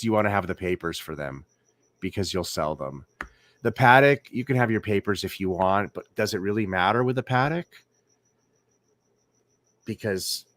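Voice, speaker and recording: Indoors at home at night, a man hosts a casual late-night livestream in a low, slightly bright voice with no echo. He rambles, repeats words, and keeps asking viewers whether they agree.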